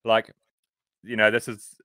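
Relaxed young man, matey chat. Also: on the low side, unhurried, dry recording. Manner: relaxed, matey, swears casually. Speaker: podcast co-host, pro cyclist. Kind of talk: casual chat.

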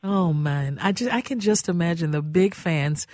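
A woman's voice: on the low side, expressive, normal speed, a little mellow, dry recording, clean studio sound. A woman hosting a radio talk show, chatty and effusive, often laughing. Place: radio studio.

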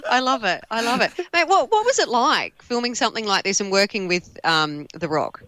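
Aussie radio co-host, bright tense voice, bouncy up and down, laughs a lot. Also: male voice, high voice, sing-song, a little fast, no echo. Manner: warm-hearted, laughs often, enthusiastic. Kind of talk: casual radio chat.

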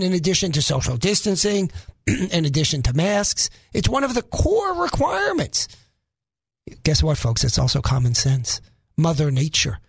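A man's voice: high-pitched, slightly rough, dry recording. Middle-aged guy from the northeast hosting talk radio, sarcastic and emphatic, lots of ups and downs in his voice. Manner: sarcastic, emphatic, rhetorical questions. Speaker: fill-in radio talk show host. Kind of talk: opinionated talk radio monologue.

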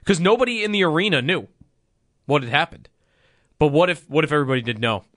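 A man co-hosting sports talk radio, talking things through in a musing way with quick agreements. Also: fairly high pitch, big pitch swings, fairly bright tone, no echo, clean studio sound.

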